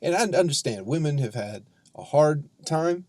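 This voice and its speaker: A man's voice: fairly high pitch, animated, darkish tone, no echo. Profane ranting man, dry close mic. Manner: profane, heated, sarcastic ranting with drawn-out emphasis. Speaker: comedian podcast host. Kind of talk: ranting solo podcast monologue.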